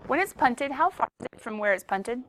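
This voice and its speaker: A woman's voice: on the high side, animated, fairly quick, fairly bright tone, a little hiss or hum. Playful woman teaching a math class. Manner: playful, teasing, chatty with students. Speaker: high school math teacher.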